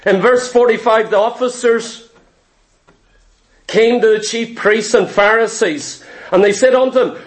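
Guy preaching, really high voice, hammers his points over and over. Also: a little slow. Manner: forceful, emphatic preaching with repeated phrases. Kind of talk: sermon.

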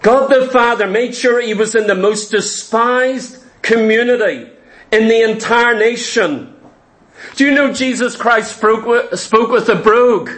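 A man with a very high voice preaches a sermon with emphatic repetition. He throws out rhetorical questions and clears his throat now and then. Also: measured pace, fairly bright tone.

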